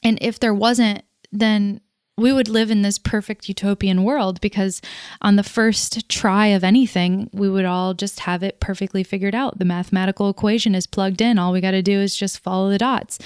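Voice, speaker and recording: A woman's voice: medium pitch, smooth, no room sound, clean studio sound. A woman hosting a casual, reflective monologue. She rambles, goes off on tangents and laughs at herself as she talks.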